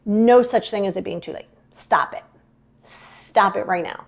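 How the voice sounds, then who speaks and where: A woman's voice: medium pitch, unhurried, vocal fry. A middle-aged woman hosting a motivational self-help talk, speaking directly and coaching, acting out inner voices. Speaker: podcast host.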